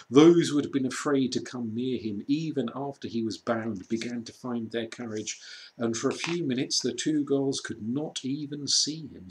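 A man reading a children's storybook aloud, slow and measured with dramatic pauses. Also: medium pitch, slight background noise. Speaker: reader.

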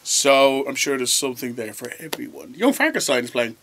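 A man's voice: mid-range voice, big pitch swings, brisk, fairly bright tone, slight background noise. Guy hosting a movie review chat, dry banter, long run-on plot recaps. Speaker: film review show host. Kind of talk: casual film review chat. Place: indoors at a cinema venue.

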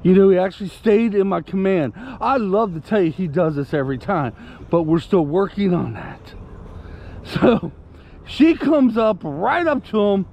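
A man's voice: high-pitched, expressive, a little slow, vocal fry, a little mellow, lo-fi sound, slight background noise. A man telling a story casually to camera, indignant and rambling, breaking off to give commands to his puppy. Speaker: vlogger.

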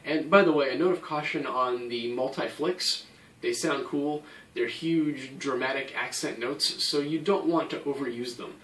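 A man's voice: medium pitch, moderate pace, fairly bright tone. A man teaching drums in an echoey room. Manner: patient, step-by-step, counts beats aloud. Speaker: drum teacher. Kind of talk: instructional explanation. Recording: echoey room, somewhat far from mic. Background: drum playing.

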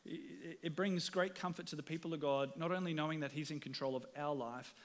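A man's voice: fairly high pitch, a little fast. A man with an Australian accent, preaching a sermon as pastor in an earnest, conversational way, often repeating words as he starts sentences. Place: church.

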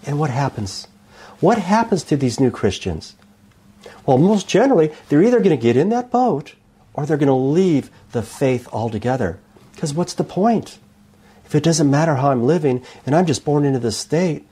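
Man preaching a sermon, husky mellow voice, lively pitch, emphatic rhetorical questions. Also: normal speed.

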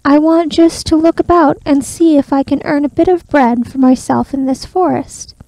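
Whispered role-play: cocky little male tailor, put on by a woman, high and lively, dry close sound. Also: moderate pace, no echo, poor audio. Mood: timid. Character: boastful, quick-witted little male tailor.

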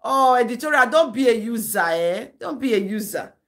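A woman's voice: on the high side, lively intonation, moderate pace. A Nigerian woman hosting a live-stream gossip commentary, lecturing and scolding in a chatty way, laughing between her points.

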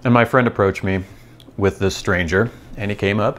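A man's voice: lowish voice, moderate pace. An American man hosting his channel, talking in a chatty, digressive, amused way. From United States. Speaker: host. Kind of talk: casual rambling monologue.

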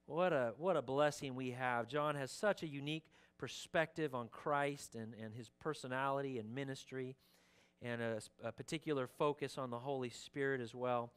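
A pastor giving a Sunday sermon in a church, reading scripture earnestly and making casual asides with fillers. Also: male voice, mid-range voice, moderate pace, clean tone. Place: church sanctuary.

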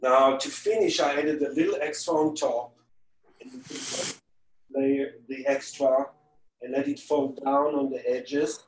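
A man's voice: medium pitch, a little slow, a little hiss or hum. A man, a celebrity pastry chef, giving a live baking demonstration from his home kitchen, talking casually with joking asides as he works. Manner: chatty, joking asides while working. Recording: echoey kitchen, distant mic.

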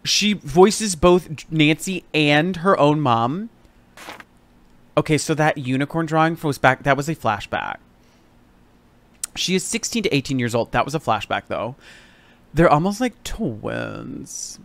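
A man's voice: fairly high pitch, lively intonation, a little slow, vocal fry, a bit bright. A young man chatting sarcastically while playing a game on a live stream, exclaiming often.

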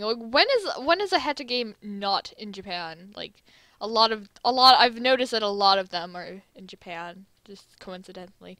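A young woman playing a game and reading its lines aloud, giggly and excitable. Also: medium pitch, moderate pace, no echo. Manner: giggly and excitable, reads all characters. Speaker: let's play gamer.

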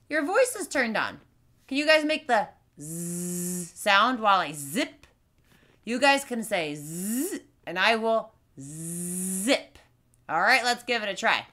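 A young woman teaching small children speech sounds through play, with slow, sing-song, exaggerated talk. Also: medium pitch, bright, forceful tone. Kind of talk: playful lesson for young kids. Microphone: camera in front, leaning close at times.

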